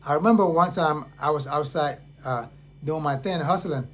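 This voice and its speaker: A man's voice: fairly high pitch, normal speed, a bit bright. A man, an independent artist, talking casually and earnestly to the camera, telling stories and repeating phrases for emphasis. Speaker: independent artist, channel host.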